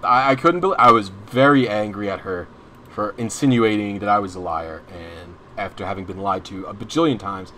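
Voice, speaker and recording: This young streamer's voice sits on the low side, bright and forceful at a moderate pace, with a little hiss or hum underneath. While gaming he spins out a long, rambling personal story, full of restarts and the occasional curse.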